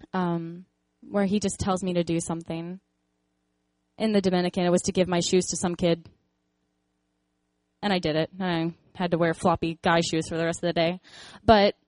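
A young woman speaks in an earnest, encouraging way, telling a personal faith story with laughs and quick acted-out voices. Her voice sits at a mid pitch. The recording is dry and close, with no room sound. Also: dry recording. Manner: animated storytelling, acts out voices in quotes. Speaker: speaker sharing a faith testimony.

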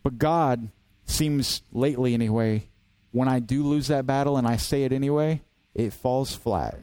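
A man's voice: mid-range voice, moderate pace, darkish tone, smooth, no room sound. A man preaching a sermon as pastor, earnest and direct, driving points home with rhetorical questions.

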